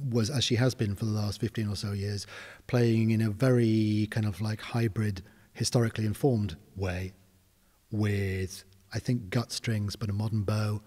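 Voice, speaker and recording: A middle-aged man from England, a conductor telling lively stories in a casual chat and acting out the people he quotes. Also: lowish voice, in a large hall. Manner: animated storyteller, acts out quoted people. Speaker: guest conductor. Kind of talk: casual storytelling in conversation.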